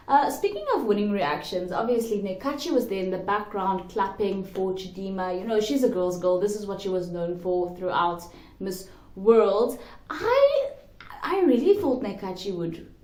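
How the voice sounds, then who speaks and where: A woman's voice: medium pitch, a little mellow, echoey room. A young woman from South Africa giving an opinionated, chatty review of a pageant, with lots of fillers. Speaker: pageant commentator. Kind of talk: casual video review.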